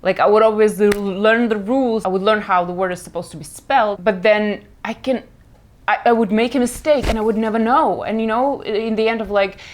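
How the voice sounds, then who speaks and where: A young woman from Russia, Russian accent, talking casually and candidly. She wanders and corrects herself as she goes. Her voice sits at a middling pitch. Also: a little fast, a little hiss or hum. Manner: rambling, self-correcting, frank and chatty. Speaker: comic creator. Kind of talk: casual chat.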